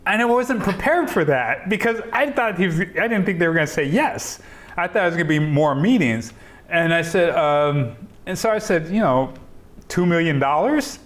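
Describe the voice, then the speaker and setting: Animated storytelling man on a video call. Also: sits high, moderate pace. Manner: animated storyteller, acts out quoted dialogue, laughs often. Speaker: interviewee, software entrepreneur. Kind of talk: oral history interview over video call.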